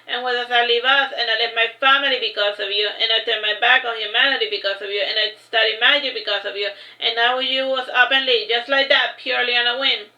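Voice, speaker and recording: Hurt young man, angry, accusing, woman reader, bright tone, storybook. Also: fairly high pitch, steady tone, fairly quick, hardly any pauses, highs cut off. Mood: bitter. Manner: bitter and accusing. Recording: roomy echo.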